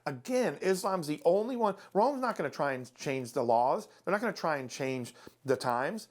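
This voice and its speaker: A man's voice: on the high side, animated, moderate pace. A man teaching a Bible study series in an emphatic, conversational way, often asking rhetorical questions.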